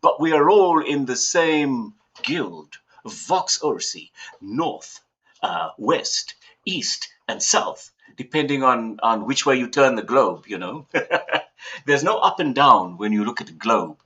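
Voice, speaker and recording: Slow but with lively intonation, this southern African livestream host has a medium-pitched, bright, forceful and husky voice, with the highs cut off. He rambles from home in a casual stream, chuckling and adding theatrical flourishes.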